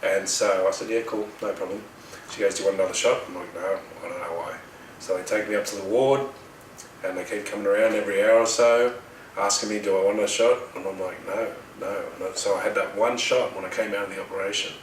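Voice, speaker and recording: A middle-aged Australian man casually telling a personal story in a rambling, animated way, acting out the voices of the people in it. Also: lowish voice, quick pace, echoey room, recorded from a distance, slight background noise, rough recording. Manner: rambling, animated retelling with quoted dialogue. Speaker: healer telling his story.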